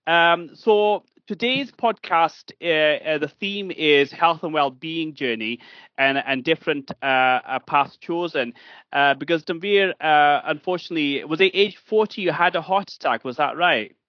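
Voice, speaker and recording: Hesitant man hosting a podcast, slightly high voice. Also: unhurried, dry recording. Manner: hesitant, many fillers and restarts. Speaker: podcast host. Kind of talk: casual podcast chat. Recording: dull lo-fi dry sound.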